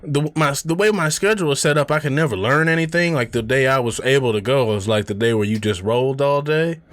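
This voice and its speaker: A man co-hosting a podcast, telling stories in a casual, profane way, laughing often and acting out quotes in a lower voice. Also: quick pace. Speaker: podcast co-host. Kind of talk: casual chat.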